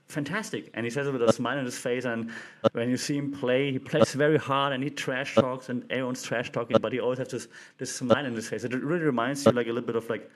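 A man's voice: medium pitch, steady tone, quick pace. Enthusiastic man talking basketball. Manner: enthusiastic, acts out quotes in livelier voice. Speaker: podcast host. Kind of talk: casual commentary.

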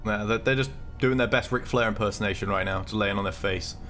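A man's voice: lowish voice, fast talker, a bit bright. Man, live game commentary, jittery from coffee, chatty and jokey, some music behind. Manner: chatty, jokey, reads game dialogue aloud. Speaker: streamer.

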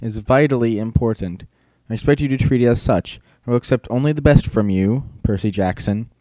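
A man voicing a stern, demanding older male teacher who lectures in a measured, formal way. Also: medium pitch, warm tone, no echo, close to an everyday voice, poor audio. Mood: earnest.

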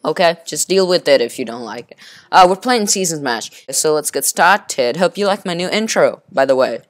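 A young man commentating his own football video game match, excitable and self-deprecating, rambling to his subscribers. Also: a little high, normal speed, dry recording, studio quality. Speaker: gaming video creator.

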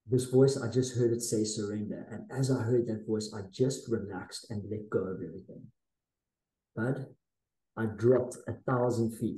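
A man's voice: on the low side, fairly even intonation, moderate pace, mellow, reverberant, poor audio. A man in his forties, a podcast guest, telling a dramatic personal story in a casual, intense way with slang. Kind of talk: storytelling in a conversational interview.

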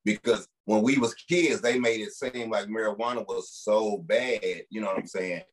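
A man's voice: on the low side, moderate pace. A man, a parent in his thirties, chatting in a laid-back, conversational way. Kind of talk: casual chat.

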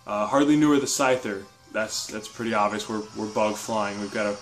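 A young man giving casual, chatty commentary over his own video game battle, correcting himself and breaking into excited bursts. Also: fairly low pitch, fairly quick, hardly any pauses, soft background music. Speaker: gaming commentator.

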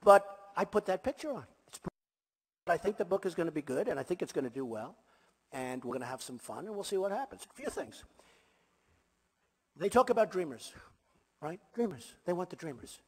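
A man's voice: high voice, big pitch swings, fairly quick, long pauses, a little mellow, husky. A man giving an emphatic campaign rally speech as a political candidate, repeating his points and adding boastful asides. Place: large rally venue before a crowd. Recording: long reverb of a big hall.

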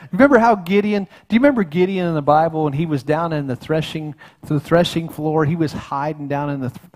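Folksy middle-aged male pastor, slightly high voice, earnest sermon delivery with frequent restarts. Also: moderate pace, darkish tone. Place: church sanctuary.

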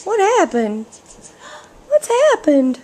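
A woman's voice: high voice, sing-song, slow, dark tone. A woman cooing doting baby talk with kissing sounds at home, filmed on a home video camera. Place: home, indoors.

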